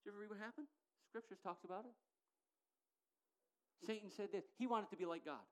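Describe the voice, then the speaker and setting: A middle-aged woman preaching a sermon in an animated, emphatic way that builds to loud declarations. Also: mid-range voice, a little fast.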